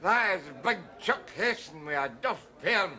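A mouthy drunk. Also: male voice, sits high, animated, a little slow, pushed and bright, heavily acted. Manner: combative, stammering rants. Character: belligerent middle-aged drunk man, mouthy and cynical. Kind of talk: TV sitcom acting.

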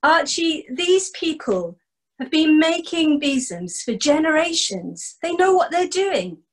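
A woman's voice: a little high, very animated, moderate pace. A woman voicing Donald, a bossy, exasperated crofter who scolds his farmhand. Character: older male crofter, gruff and exasperated.

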